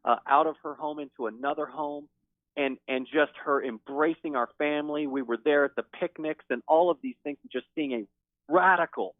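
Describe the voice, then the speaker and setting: A man speaking as a guest on a call-in show, talking in an excited, emphatic way. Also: a little high, a little fast, no echo. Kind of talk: call-in interview. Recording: tinny phone line.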